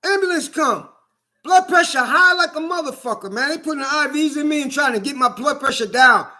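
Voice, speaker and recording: A man's voice: very high voice, lively intonation, a little fast, pushed and bright. A man delivering a heated, indignant vlog monologue, repeating himself and swearing often. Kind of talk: angry personal vlog monologue.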